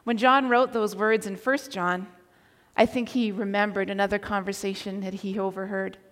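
A woman preaching a sermon, telling a personal story with animated delivery and occasional shouted quotes. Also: mid-range voice, normal speed. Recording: long reverb of a large hall.

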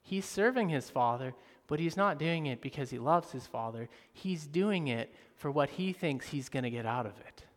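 Male pastor, high voice, long hall reverb, animated sermon delivery. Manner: animated, swings from soft and slow to loud and emphatic.

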